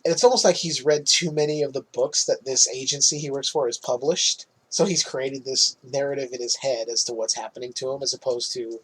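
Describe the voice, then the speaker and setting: A man's voice: mid-range voice, steady tone, fairly quick, hardly any pauses, fairly bright tone, breathy edge, poor audio. A man hosting a podcast, chatting casually through a movie recap, swearing freely and laughing often. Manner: swears freely, laughs at his own jokes. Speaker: podcast host.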